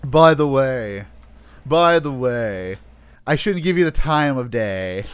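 A man's voice: medium pitch, expressive, takes it slowly, smooth, no room sound. A man co-hosting a casual podcast, telling a story with a lot of swearing and acting out his own side of an argument. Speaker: podcast co-host.

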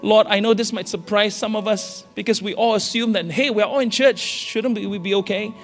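A man's voice: sits high, steady tone, a little fast. A man from Singapore, a senior pastor preaching an impassioned sermon in a large church hall, pressing his listeners with urgent, repeated calls. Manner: urgent, repetitive exhortations with rising calls. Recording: reverberant church hall with faint music.

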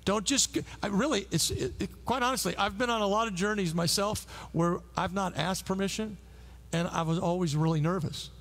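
Gravelly-voiced man preaching a sermon. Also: sits high, fairly quick. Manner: animated, storytelling with frequent restarts. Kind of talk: sermon with storytelling. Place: church service.

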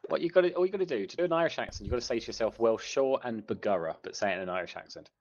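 A man's voice: mid-range voice, big pitch swings, very fast, lo-fi sound. A man joking around and laughing in a casual group voice chat.

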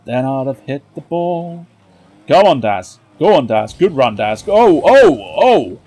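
A man with a jokey, excitable manner, commentating his own car football match and cheering on his teammates. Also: medium pitch, a little slow. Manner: excitable, cheering on teammates with shouts and silly jokes. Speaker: gaming commentator.

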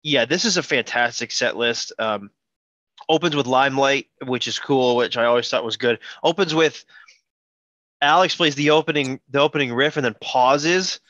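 A man's voice: medium pitch, normal speed, a bit bright, dry recording, lo-fi sound. A man hosting a podcast, chatting casually about concert videos, rambling and correcting himself as he goes. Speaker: podcast host. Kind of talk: casual chat about music.

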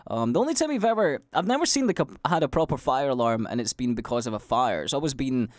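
A young Scottish man rambles through stories on his own podcast, sweary and animated, bursting into loud acted-out quotes. His voice sits at an ordinary middle pitch. The recording is dry and close, with no room sound. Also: quick pace, dry recording. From Scotland. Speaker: podcast host. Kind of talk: casual rambling monologue.

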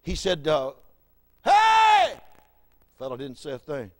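A man preaching a sermon, telling a story, swinging from loud exclamations to hushed asides. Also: medium pitch, a little fast.

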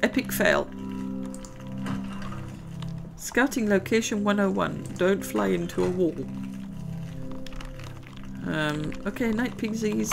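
A woman's voice: mid-range voice, takes it slowly, gravelly, pauses often, over music. A middle-aged woman, chatting and giggling her way through a let's-play game session. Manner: chatty, rambling, giggly asides. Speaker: gaming video host. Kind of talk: casual let's-play commentary.

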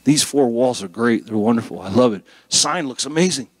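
Animated middle-aged male guest preacher. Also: mid-range voice, normal speed, dry recording. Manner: animated, conversational preaching with jokes and rising emphasis. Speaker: guest pastor. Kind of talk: sermon.

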